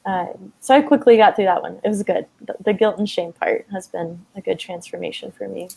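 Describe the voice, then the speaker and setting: A woman's voice: medium pitch, brisk, creaky, dark tone, husky. A woman in her thirties telling a personal story in a conversation, open and emotional, with many fillers. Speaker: guest.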